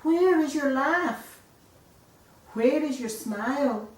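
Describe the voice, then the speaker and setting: Magical parrot lady, read by a woman, gentle questions, slow, echoey room. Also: high voice, expressive, voice pushed up. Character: magical kind female paradise parrot. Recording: echoey room, voice a bit far off.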